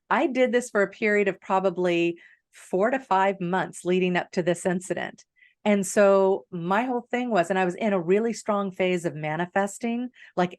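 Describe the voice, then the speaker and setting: A middle-aged woman co-hosting a podcast, telling a personal story in a chatty, animated way and often breaking into laughter. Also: mid-range voice, no echo, clean studio sound. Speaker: podcast co-host. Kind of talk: casual storytelling chat.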